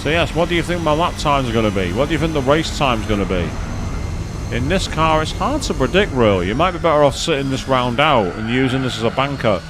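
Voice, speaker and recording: A man chatting excitedly as he commentates his own racing game play, thinking aloud to viewers. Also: mid-range voice, brisk, background noise. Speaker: gaming streamer. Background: game music and engine sounds.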